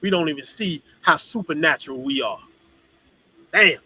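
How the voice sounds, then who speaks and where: A man teaching a congregation in an animated, profane, storytelling preaching style. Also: on the high side, normal speed, breathy edge, rough recording. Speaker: religious teacher.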